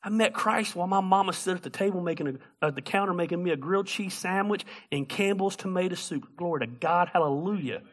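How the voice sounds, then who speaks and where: A man preaching a sermon as a pastor, telling a story in an animated, humorous way. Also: high-pitched, fast talker, hardly any pauses.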